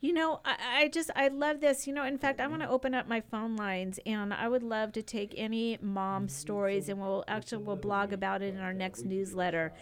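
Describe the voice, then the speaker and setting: A middle-aged woman hosts a radio talk show in a loose, chatty way, full of "you know" and restarts. Her voice is smooth and resonant. She talks at a middle pitch in a close studio sound. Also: fairly even intonation, moderate pace, hardly any pauses. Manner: chatty, warm-hearted with frequent fillers and restarts. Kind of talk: casual radio chat.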